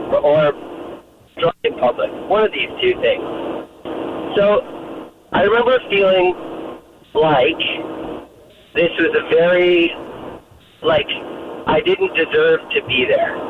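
Man, caller, rambling storyteller, slightly high voice, tinny phone line, static hiss. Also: recorded from a distance. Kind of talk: telling a story on a call-in show.

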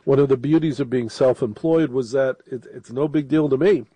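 Middle-aged male radio host, sniffling from a cold, husky and mellow, chatty rambling delivery. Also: mid-range voice, normal speed, no room sound. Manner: rambling, conversational, with restarts and asides. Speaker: late-night radio host. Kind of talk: casual monologue to listeners.

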